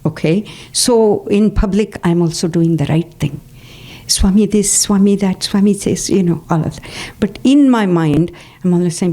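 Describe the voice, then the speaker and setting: An older woman speaks to a devotional gathering in a community hall, sharing her memories in a chatty way. Her voice sits low and sounds soft and mellow, and she keeps stopping for fillers and little "okay?" check-ins with the room. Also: moderate pace. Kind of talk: personal talk to a spiritual group.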